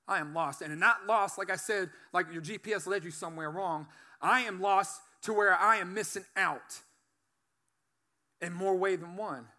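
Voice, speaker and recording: A man with a high, ringing voice gives a church testimony. He preaches earnestly and keeps asking the room for an amen. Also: pushed and bright. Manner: earnest, preacherly, calls for amens. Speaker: guest speaker giving testimony. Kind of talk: testimony sermon.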